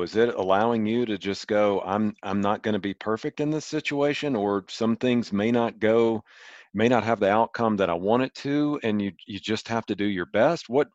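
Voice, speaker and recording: A man interviewing a guest, asking measured, thoughtful questions. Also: fairly low pitch, dry recording, dull audio.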